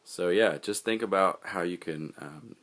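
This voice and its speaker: A man leading a group, giving relaxed, halting closing remarks full of fillers. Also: deep voice. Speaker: group leader addressing a mission team.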